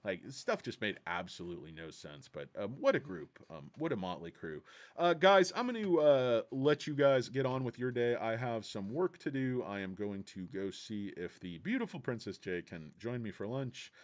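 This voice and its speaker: A man rambling on his own stock channel, joking at his own expense with a sarcastic edge. His pitch swings up and down a lot, and he keeps a mid-range voice. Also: sing-song, moderate pace. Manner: jokey, self-mocking, sarcastic. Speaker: stock vlog host. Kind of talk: casual rambling chat.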